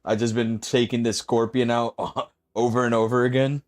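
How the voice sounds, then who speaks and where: A man chatting casually and joking while playing a game on a live stream, swearing freely and sounding a little flat and bothered. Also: medium pitch, normal speed, no room sound.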